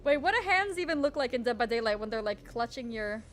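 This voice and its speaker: High-voiced chatty woman streaming. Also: expressive, quick pace, a little hiss or hum. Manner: chatty, self-mocking, trailing restarts. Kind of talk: casual live-stream chat while drawing.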